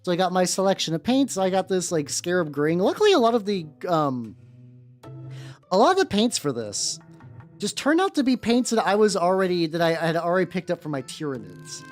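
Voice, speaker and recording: Livestream painter, rambling chatty talk, casual swearing, very lively pitch, faint music behind. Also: fairly quick. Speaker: streamer painting miniatures.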